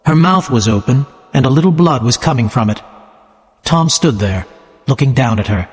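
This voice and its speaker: Expressive male storyteller with long echo. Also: medium pitch, moderate pace. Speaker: narrator. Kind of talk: scripted story narration.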